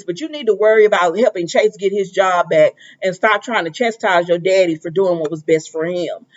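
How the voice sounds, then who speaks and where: Woman, casual soap opera recapper, animated storyteller, mid-range voice, lo-fi recording. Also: mid-range voice. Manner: animated, acts out characters' lines, trails off with "or whatever". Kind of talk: casual chatty episode recap.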